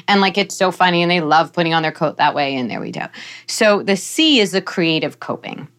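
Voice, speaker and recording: With a voice on the low side and a brisk pace, a middle-aged psychologist talks about parenting as a podcast guest. She's earnest and explanatory, turning playfully animated when giving examples.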